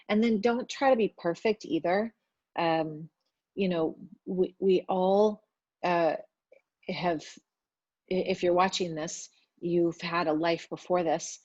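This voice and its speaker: A woman giving a loose, chatty spiritual talk to viewers, with many fillers, trying to speak gently. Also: on the low side, no echo, dull audio. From Italian family background.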